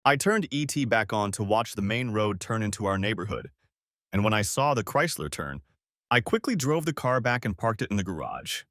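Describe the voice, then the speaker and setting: A man narrating a first-person story in an expressive storytelling manner. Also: lowish voice, moderate pace, dry recording, studio quality.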